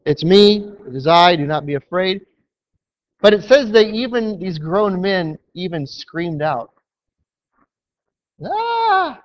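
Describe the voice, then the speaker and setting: Slow, emphatic male preacher. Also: sits high. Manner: emphatic, storytelling with acted quotes. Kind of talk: sermon. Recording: dull lo-fi sound.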